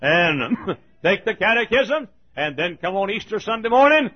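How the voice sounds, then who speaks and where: A man preaching a fiery sermon as pastor, folksy and rising to thundering shouts. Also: sits high, very animated, normal speed. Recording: lo-fi recording.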